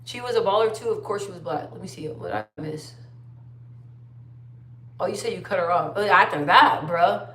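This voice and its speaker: A woman's voice: on the low side, lively intonation, moderate pace, long pauses, fairly bright tone, slight background noise. A young woman chatting casually on a livestream, telling stories and reading viewer comments aloud. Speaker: livestream host. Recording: roomy sound, distant from the mic.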